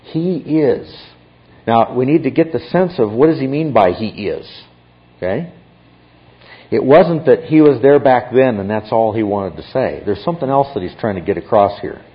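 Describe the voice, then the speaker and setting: A man's voice: mid-range voice, expressive, moderate pace. A man teaching a Bible class, explaining step by step and often checking in with his listeners. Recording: dull lo-fi recording.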